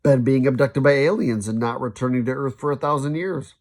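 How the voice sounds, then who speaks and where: A man reading a children's novel aloud, lively, now and then stumbling and restarting a sentence. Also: mid-range voice, fairly quick. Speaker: storybook reader.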